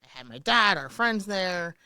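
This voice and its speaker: Calm, supportive woman podcast co-host. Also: fairly low pitch, normal speed. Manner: calm, supportive listener, tells stories plainly. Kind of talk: casual podcast chat.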